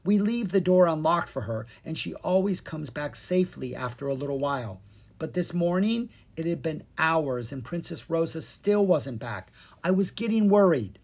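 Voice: mid-range voice, animated, normal speed, creaky, a little mellow, husky, pitched above the performer's own voice. A storybook narrator voicing a nervous young boy who hesitantly confesses the truth. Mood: confessing. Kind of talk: storybook reading.

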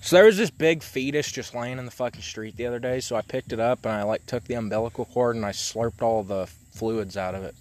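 A man's voice: medium pitch, brisk, hardly any pauses. An eighteen-year-old man bantering casually, crude and joking, swearing a lot. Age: 18, young adult. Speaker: vlog co-host.

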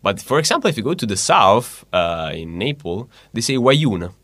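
Italian-accented man with a bright voice. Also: lowish voice, big pitch swings, moderate pace, no echo. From northern Italy. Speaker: interviewee. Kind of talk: casual conversation.

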